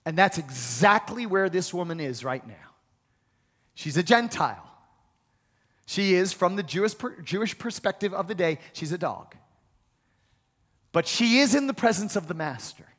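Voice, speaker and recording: Pastor guy preaching hard, high voice, big echoey church, makes people say it back. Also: lively intonation, normal speed, long pauses, fairly bright tone. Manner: emphatic, repetitive, leads call-and-response. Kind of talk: sermon. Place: church sanctuary. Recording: long reverb of a large hall.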